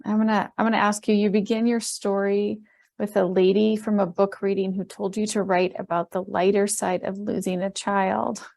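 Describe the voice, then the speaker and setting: A woman hosts a webinar interview, her voice slightly gravelly. She moves through her questions in a friendly, brisk way. She is heard over a video call. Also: medium pitch, flat delivery, a little mellow. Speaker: webinar host.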